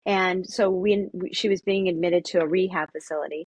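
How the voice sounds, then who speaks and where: A woman's voice: on the low side, fairly even intonation, darkish tone, breathy edge, no echo. A middle-aged woman, an interview guest and mother, telling stories in a casual, earnest way with many restarts. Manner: earnest, halting, lots of restarts. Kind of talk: casual storytelling.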